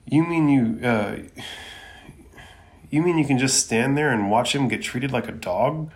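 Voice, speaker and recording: A man voicing a hot-headed young ninja boy from an anime, yelling his lines indignantly. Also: mid-range voice, moderate pace, lightly acted. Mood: angry. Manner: shouting, indignant.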